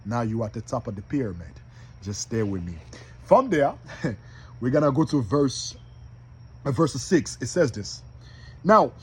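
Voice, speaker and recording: A man teaching from the Bible in a casual style, reading verses with loud emphasis and calling out to his listeners. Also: medium pitch, a little slow, long pauses, breathy edge. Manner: animated, calls out to listeners; reads scripture with loud emphasis. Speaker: preacher.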